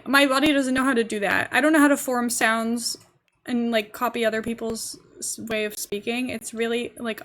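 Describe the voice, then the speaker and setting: A woman's voice: on the high side, fairly bright tone. A young woman with a posh English accent, chatting casually and giggling as she streams a game. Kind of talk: casual live-stream chat while gaming.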